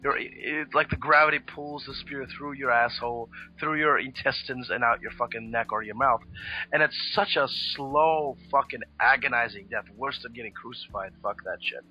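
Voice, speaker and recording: A man's voice: mid-range voice, moderate pace, husky. A man co-hosting a podcast, telling history stories in a rambling, swear-heavy casual chat. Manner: rambling storyteller, lots of swearing and fillers. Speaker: podcast co-host. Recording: dull lo-fi podcast audio with faint music.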